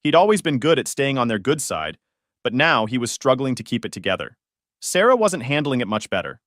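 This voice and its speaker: A man's voice: mid-range voice, very animated, fairly quick, fairly bright tone, no room sound, clean studio sound. A man narrating a first-person story in a conversational way, with wry, sarcastic asides.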